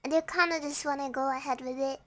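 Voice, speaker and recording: A young woman streaming, with a hoarse, croaky voice, chatting hesitantly and reading viewer messages aloud. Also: high-pitched, fairly even intonation, pushed and bright, faint music behind. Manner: slow, hesitant, reads chat aloud and answers. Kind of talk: casual chat with viewers.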